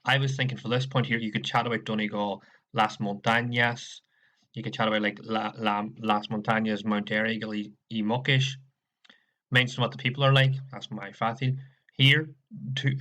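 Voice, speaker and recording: A man's voice: lowish voice, fairly even intonation, a little fast, bright, forceful tone. A man with an Irish accent teaching a recorded lesson, patiently explaining step by step and often checking in with "okay?".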